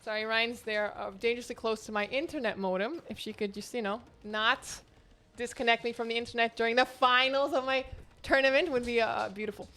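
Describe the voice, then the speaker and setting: A woman hosting her own tournament and casting it live, giving chatty, excitable play-by-play from home. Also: a little high, brisk. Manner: excitable, chatty, jumps between exclamations. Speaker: tournament host and caster. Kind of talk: live esports play-by-play commentary. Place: home, near the internet modem.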